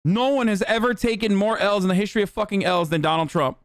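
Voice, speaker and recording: A man's voice: high-pitched, fast talker, clean tone, dry recording, studio quality. A young man streaming, riffing sarcastically and swearing a lot while reacting to videos. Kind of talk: casual stream commentary.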